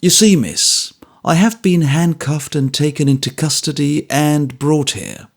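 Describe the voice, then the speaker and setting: A man's voice: on the high side, measured pace, vocal fry. A man reading an audiobook and voicing a bluff, good-humoured former soldier who speaks steadily, politely and stubbornly. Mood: firm, polite.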